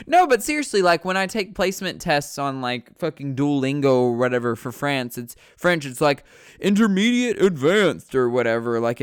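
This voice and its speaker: A man's voice: fairly high pitch, smooth, no room sound, studio quality. A man from the United States chatting in a rambling, profane way, correcting himself as he goes. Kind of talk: casual rambling chat.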